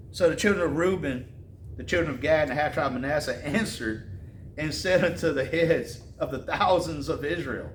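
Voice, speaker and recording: A man with a fairly high voice delivers a sermon, reading scripture slowly and then retelling it in casual slang. His voice carries a roomy echo. A faint ambience sits behind him. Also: lively intonation, a little hiss or hum. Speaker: preacher.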